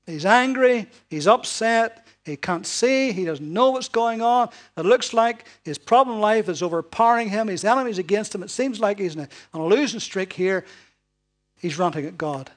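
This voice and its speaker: A man preaching a sermon to a congregation in a relaxed, chatty way, often ending points with tag questions. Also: high voice, normal speed, faint music behind. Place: church hall before a congregation.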